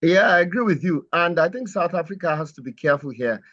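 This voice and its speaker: A man speaking in a political discussion, hesitant and measured, with many fillers and restarts. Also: fairly high pitch, lively intonation, fairly bright tone. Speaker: panel guest. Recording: muffled lo-fi sound.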